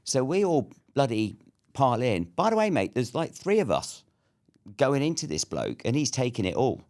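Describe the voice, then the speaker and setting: A man's voice: mid-range voice, sing-song, normal speed, darkish tone. A British man in his fifties telling a war story as an interview guest, blunt and swearing freely. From Britain.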